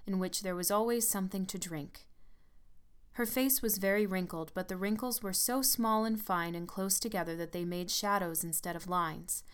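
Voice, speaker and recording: Woman reading a spooky old story aloud, calm and smooth, clear voice. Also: medium pitch. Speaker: narrator. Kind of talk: audiobook narration.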